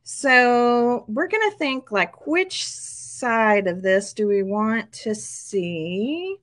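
A woman's voice: on the high side, lively intonation, extremely slow, a bit bright. A middle-aged woman hosting a casual craft tutorial at her table, chatty and upbeat, often checking in with her viewers. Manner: chatty and upbeat, frequent "okay?" check-ins and laughs.

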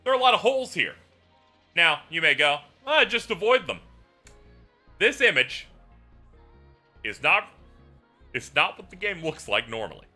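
A male livestreamer with a fairly high, very bright voice that swings up and down as he talks. He tells his gaming woes as a rambling, animated story, cursing and laughing along the way. Soft music plays underneath. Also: normal speed, pauses often. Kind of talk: casual gameplay chat.

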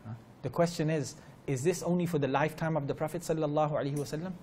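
A man's voice: fairly high pitch, steady tone, very fast, darkish tone, slight background noise. A man teaching at a religious gathering, telling stories earnestly, repeating key phrases, and reciting Arabic verses fluently in a religious lecture. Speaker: Islamic teacher giving a talk.

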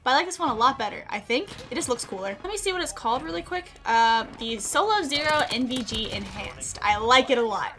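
A woman giving excitable, self-deprecating commentary over her own gameplay, laughing often. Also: a little high, fairly quick, hardly any pauses, soft background music. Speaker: gaming video creator.

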